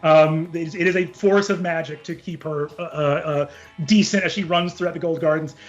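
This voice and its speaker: Animated male game master. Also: fairly high pitch, a little fast, highs cut off, soft background music. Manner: animated, filler-heavy narration. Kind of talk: narrating a tabletop game.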